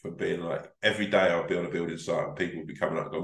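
Low-voiced male comic, rambling sweary anecdotes, roomy echo. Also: steady tone, rapid-fire, creaky, fairly bright tone. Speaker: comedian guest. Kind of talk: casual podcast storytelling.

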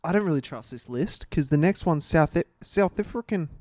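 A young man running down a list on a podcast, teasing his co-host with dry, deadpan asides. His voice sits a little high, and it is recorded close and dry. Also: moderate pace, dry recording. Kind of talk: casual crude banter.

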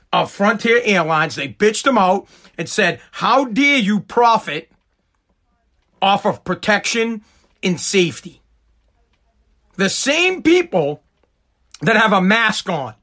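A man's voice: extremely high pitch, pushed and bright. A man from the United States ranting sarcastically and profanely on a live stream.

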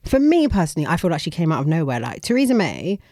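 Low-voiced young British woman hosting. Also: very animated, warm tone, dry recording. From United Kingdom. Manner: quick, joking, teasing, swears. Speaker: podcast host. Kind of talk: casual chat.

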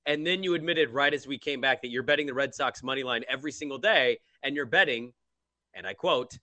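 A man hosting a casual sports betting chat, teasing his co-host in emphatic, quick bursts. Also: mid-range voice, sharp tone, dry recording. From Portland, Oregon.

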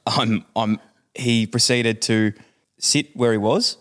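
A man's voice: mid-range voice, fairly even intonation, slow, a bit bright. A man telling a long rambling anecdote as a podcast co-host, with laughs and restarts. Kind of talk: casual chat, storytelling.

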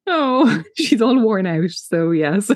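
A woman's voice: mid-range voice, big pitch swings, slow pace. A woman with a mid-range voice co-hosts a casual podcast. She giggles often and acts out characters as she retells scenes. The mic is close and the sound is dry, with no room echo. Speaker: podcast co-host. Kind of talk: casual recap chat.

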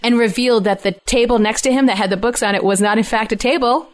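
A woman's voice: fairly high pitch, fast. A woman in casual chat who tells stories with lots of laughter and acts out the people she quotes. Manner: animated storyteller, laughs often, acts out quotes. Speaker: podcast co-host, mother.

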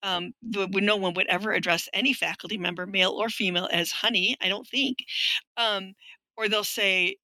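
Frank, bright-voiced middle-aged woman. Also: medium pitch, fairly even intonation, normal speed, dry recording, low-quality recording. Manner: frank, wry storytelling that acts out quoted voices. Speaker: guest, linguistics professor. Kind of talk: conversational interview.

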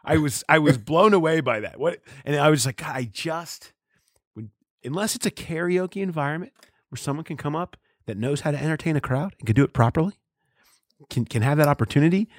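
A man's voice: a little high, animated, brisk, dry recording, clean studio sound. A man hosting a casual sports podcast, chatting and ranting animatedly, sometimes mimicking other people. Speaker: podcast host.

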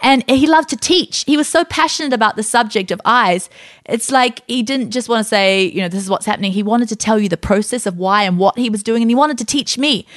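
A woman podcast host telling a story in a casual, animated way, with lots of fillers and restarts. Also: fairly high pitch, brisk, no echo, clean studio sound.

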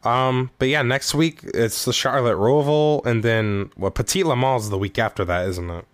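A man co-hosting a podcast in casual, jokey chat, his voice jumping up when he gets excited. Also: moderate pace, no room sound. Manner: animated, jokey, pitch jumps up when excited. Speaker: podcast co-host.

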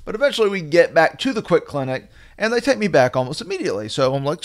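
A middle-aged man hosting a podcast, telling a story in a wry, animated way. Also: a little high, fast talker, hardly any pauses. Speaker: podcast host. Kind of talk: storytelling monologue.

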